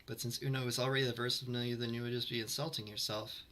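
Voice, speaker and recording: A man's voice: medium pitch, flat delivery, rapid-fire, fairly bright tone. A man streaming to his chat, reading lore aloud and breaking off for dry, sarcastic, self-mocking asides.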